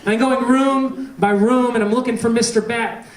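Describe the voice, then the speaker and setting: A man preaching a sermon as pastor, telling a story with humor and animated delivery. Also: very high voice, moderate pace. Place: church. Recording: echoey church hall, distant mic.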